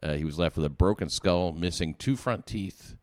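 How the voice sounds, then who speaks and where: A man's voice: low voice, normal speed, darkish tone, dry recording, studio quality. A man hosting a podcast in casual chat, cracking jokes and teasing his guest. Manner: wisecracking, teasing banter. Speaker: podcast host.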